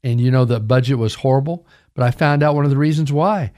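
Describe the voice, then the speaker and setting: A man's voice: medium pitch, quick pace, warm tone. An older man, a pastor, preaching a sermon with emphatic delivery, often calling his listeners "folks". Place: radio broadcast.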